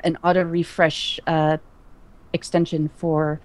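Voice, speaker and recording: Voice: mid-range voice, little pitch movement, a little slow. A co-host on a casual gaming livestream who rambles and stumbles through sentences while reading out comments. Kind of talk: casual gaming stream chat.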